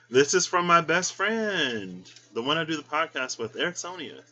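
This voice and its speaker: A man vlogging as a tarot reader chats casually, openly emotional and choked up, and breaks into high squeals quoting his own reactions. His tone is sharp, and the recording sounds muffled.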